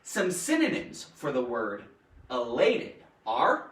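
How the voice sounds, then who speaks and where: With a very deep voice that swoops wildly in pitch, a woman speaks slowly while hosting a giggly, jokey live grammar lesson straight to her viewers. The grammar teacher and show host is far from the mic, heard off-mic in an echoey room.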